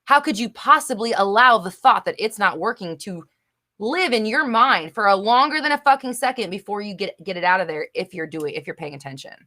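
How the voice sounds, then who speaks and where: Her voice is mid-range, pushed and bright, and she talks fairly quickly. The young adult woman is hosting a live manifestation Q&A, reading comments from viewers and replying emphatically and bluntly, with frequent fillers and offhand swearing.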